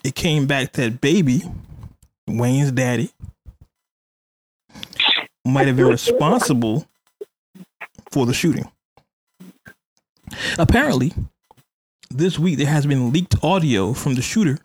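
A man's voice: mid-range voice, animated, slow pace, pauses often, darkish tone, dry recording. A man hosting a casual podcast, chatty and hedging, stopping often to say allegedly. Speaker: podcast host. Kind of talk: casual hip hop news chat.

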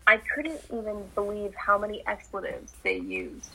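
A young woman co-hosts a podcast in casual, expressive chat. Her husky voice is bright and lively, moving freely up and down in pitch. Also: moderate pace, rough recording. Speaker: podcast co-host.

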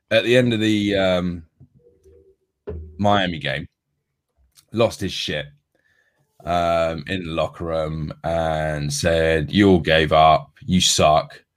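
A man co-hosting a casual sports podcast, rambling with lots of ums and restarts. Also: sits low. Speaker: podcast co-host.

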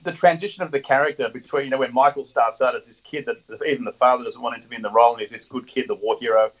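A man's voice: medium pitch, fairly even intonation, rapid-fire, muffled recording. A middle-aged man, a guest telling blunt, swear-laden stories and laughing along. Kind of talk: casual storytelling.

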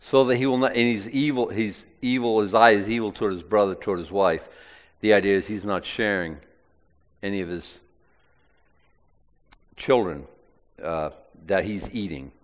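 A man's voice: fairly low pitch, moderate pace, pauses often. Preacher man reading scripture in a hall. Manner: reads scripture, then comments in plain conversational asides. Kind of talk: sermon with Bible reading.

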